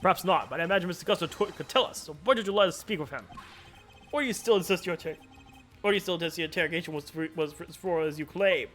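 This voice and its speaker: A man voicing a composed male prosecutor, reasoning through the case in a measured way while reading game dialogue aloud. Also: on the high side, a bit bright, soft background music, natural voice.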